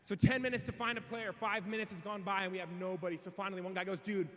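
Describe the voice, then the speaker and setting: A young man telling a funny, self-mocking story in a farewell speech as a student officer, in an animated, quick comic way. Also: sits high. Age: young adult. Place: large convention hall. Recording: reverberant hall sound.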